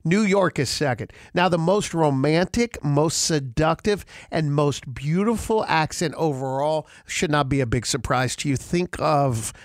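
A man's voice: fairly high pitch, measured pace, hardly any pauses, dry recording, clean studio sound. A man hosting a casual radio talk segment, reading out poll results with playful asides. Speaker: radio show host.

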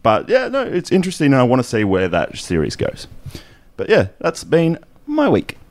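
A man's voice: mid-range voice, huge pitch swings, moderate pace. A man casually chatting about films he watched, rambling with lots of fillers and restarts. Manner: rambling, hesitant, full of fillers. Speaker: podcast co-host. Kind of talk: casual chat.

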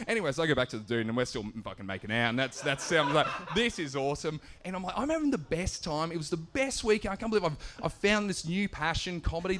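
A young Australian man telling a sweary, animated story on stage, laughing as he goes. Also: a little high, fast, hardly any pauses, background noise. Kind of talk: live stand-up storytelling.

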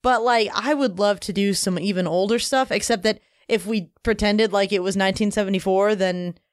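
A woman's voice: mid-range voice, steady tone, moderate pace, no echo, studio quality. A young woman co-hosting a casual podcast in an easygoing, often laughing way. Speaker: podcast co-host.

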